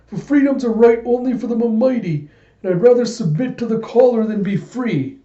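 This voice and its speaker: A cowardly, stammering man whose voice climbs high and tight whenever he speaks, put on by a male storyteller. He trips over his words, nervous and desperate. The sound is roomy and a little dull. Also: moderate pace, dark tone. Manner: stutters, high and strained.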